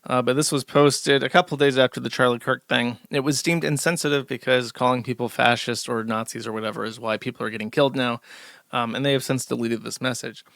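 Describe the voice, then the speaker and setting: Bright-voiced sarcastic male streamer. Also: mid-range voice, fairly even intonation, fairly quick, creaky, no echo, studio quality. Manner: mocking, sarcastic, rambling with many fillers. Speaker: streamer host. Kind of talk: casual live-stream commentary.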